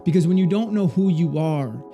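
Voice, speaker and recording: Young adult male speaker, earnest and measured, dark mellow tone, personal storytelling. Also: a little high, soft background music. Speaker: motivational speaker. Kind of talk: personal story told to an audience.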